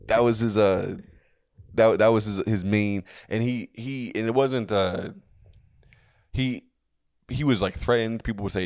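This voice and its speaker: A man's voice: lowish voice, steady tone, measured pace, pauses often, a little mellow, no echo, studio quality. A young adult man co-hosting a comedic history podcast, telling the story loosely with restarts and jokey put-on quotes. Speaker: podcast co-host. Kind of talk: casual comedic history chat.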